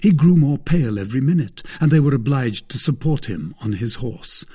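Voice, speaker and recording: A man narrating a classic adventure novel in a steady, even reading voice. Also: medium pitch, fairly quick, breathy edge. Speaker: audiobook narrator. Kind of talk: scripted narration.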